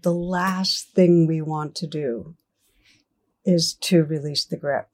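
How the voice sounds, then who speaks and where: A middle-aged woman meditation teacher giving a gentle, reflective dharma talk in a personal tone. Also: lowish voice, fairly even intonation, slow.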